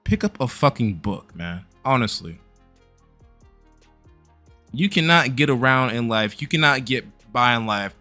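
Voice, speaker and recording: A man's voice: medium pitch, lively intonation, a little slow, long pauses, pushed and bright, soft background music. A man hosting a reaction video, commenting in a blunt, profane rant. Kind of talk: casual commentary.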